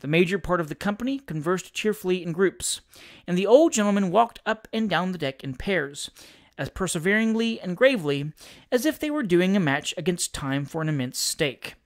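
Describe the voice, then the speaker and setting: An audiobook narrator giving an expressive, theatrical scripted reading of a classic comic story. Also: medium pitch, moderate pace.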